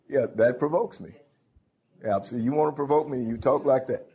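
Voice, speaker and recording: A man's voice: mid-range voice, unhurried, long pauses, a little mellow, slightly rough, muffled recording. A man preaching a sermon, calling out to his congregation. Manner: folksy, calls out to the congregation.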